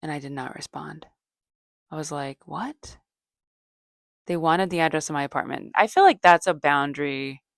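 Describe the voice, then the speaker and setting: A woman's voice: low-pitched, a little fast, vocal fry, dry recording, clean studio sound. A middle-aged woman, a comedian, rambling through a casual solo chat with lots of fillers and asides. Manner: meandering, chatty, many fillers and asides. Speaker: comedian and podcast host.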